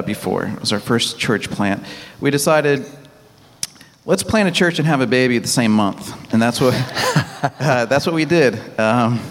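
Texan man giving a church mission report. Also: mid-range voice. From Texas. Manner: halting, many restarts, laughs easily. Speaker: missionary pastor. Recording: long hall reverb.

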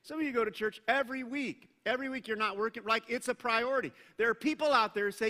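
Bright-voiced male pastor preaching. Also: very high voice, quick pace, hardly any pauses. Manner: animated, acts out quoted voices. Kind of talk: sermon. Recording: long reverb of a large hall.

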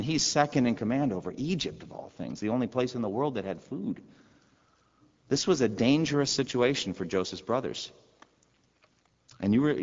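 Man preaching a sermon, conversational, rhetorical questions, long hall reverb, muffled lo-fi sound. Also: fairly low pitch. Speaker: pastor.

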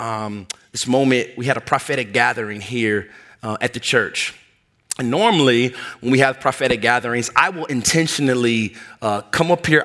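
A middle-aged male pastor preaching a sermon, telling a personal story in an animated way and acting out the voices in it. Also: medium pitch. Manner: animated, acts out voices in anecdotes.

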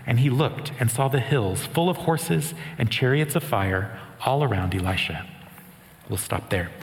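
Earnest male preacher in a reverberant hall. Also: mid-range voice. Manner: earnest, with light humor. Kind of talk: sermon with scripture reading.

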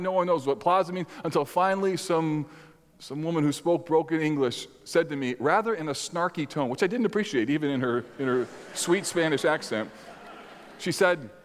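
A middle-aged man preaching a sermon as pastor, telling stories animatedly with sudden loud bursts. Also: on the high side. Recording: long hall reverb.

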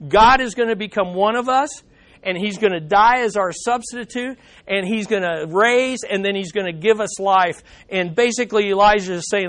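A male pastor preaching a sermon with passion, swinging between loud emphasis and hushed drops, asking the congregation questions and adding playful asides. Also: high voice, moderate pace.

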